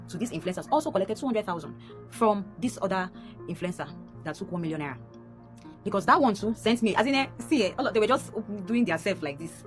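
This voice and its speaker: Telling an emotional personal story at a racing pace, a young Nigerian woman speaks in a fairly low, animated voice. When upset, her pitch shoots up, and she repeats lines, while music plays clearly underneath.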